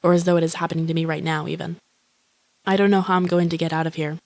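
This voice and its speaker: An actress voices a lonely, grandiose young woman in a flat, deadpan inner-monologue voice-over, swearing casually and sounding self-absorbed. Her voice is a touch low with barely any rise or fall, close and dry with no echo. She talks fast, and it sounds close to an everyday voice.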